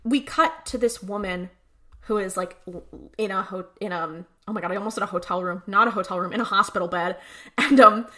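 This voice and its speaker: A young woman co-hosting a casual podcast, retelling scenes in a loose, chatty way with lots of "like" and asides. Her voice is bright and forward, at an ordinary pitch. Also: a little fast. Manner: chatty recap with many fillers and acted-out quotes. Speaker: podcast co-host. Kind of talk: casual chat.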